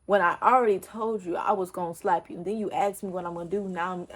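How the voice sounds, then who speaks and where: A young woman vlogger from Texas tells an animated, emphatic, profane storytime in casual talk. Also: on the low side, quick pace.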